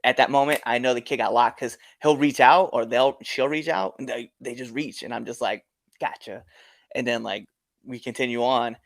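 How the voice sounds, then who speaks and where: A man's voice: mid-range voice, fairly quick, dry recording, studio quality. A man who is a guest wrestler, talking casually and laughing often as he tells stories from the ring. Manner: lively, laughs often while telling stories. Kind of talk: casual conversation.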